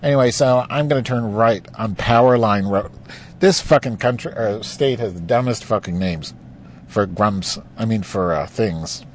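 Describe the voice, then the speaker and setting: A man's voice: fairly low pitch, moderate pace. A man talking to his recorder while he drives, rambling and ranting with lots of swearing. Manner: profane, rambling, heated political ranting. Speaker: vlogger. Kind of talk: driving vlog rant. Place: inside a moving car. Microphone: recording device in the car. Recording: car noise in the background.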